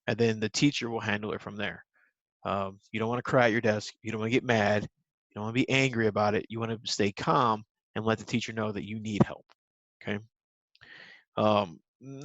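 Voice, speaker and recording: A man's voice: fairly low pitch, moderate pace, a bit bright, no echo, lo-fi sound. A man teaching a recorded lesson to young children, patient and simple in his wording, with many ums.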